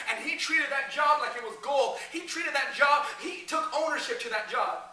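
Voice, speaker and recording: A man gives a lively youth sermon, acting out the voices in his stories and shouting at the high points. His voice is high and very bright. It comes from a distance, with a lot of echo from a large hall. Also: moderate pace, few pauses, slight background noise. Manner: animated storytelling, shouting peaks, acts out quotes. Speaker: youth preacher. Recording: echoey hall, heard from a distance.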